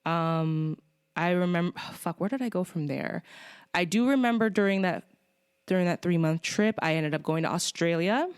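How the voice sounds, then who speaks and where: A woman's voice: fairly low pitch, moderate pace, smooth, no room sound, studio quality. A woman hosting a podcast in casual chat, rambling and swearing, with lots of fillers. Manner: rambling, profane, with many fillers. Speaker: podcast host.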